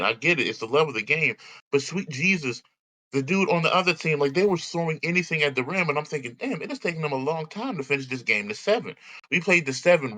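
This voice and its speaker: A man's voice: medium pitch, sharp tone, rough recording. A man co-hosting a podcast, telling a story in casual chat, acting out other people's lines and laughing often. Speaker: podcast co-host.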